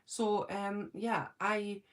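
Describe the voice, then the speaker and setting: A woman's voice: medium pitch, level tone, drawn-out words. A Scottish woman chatting casually on a live stream from her home, answering viewers' comments by name and thinking aloud. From Scotland.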